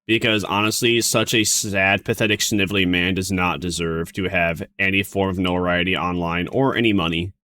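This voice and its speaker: A man's voice: deep voice, steady tone, moderate pace, hardly any pauses, bright, forceful tone, no room sound. Mocking man with a dry voice. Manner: mocking, rambling with restarts. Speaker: streamer reacting to a video. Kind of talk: casual reaction commentary.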